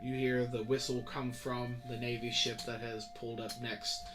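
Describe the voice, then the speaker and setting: A man's voice: mid-range voice, level tone, moderate pace, over music. A man narrating a tabletop game as game master, loose and casual with many fillers. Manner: casual, many ums and kinda.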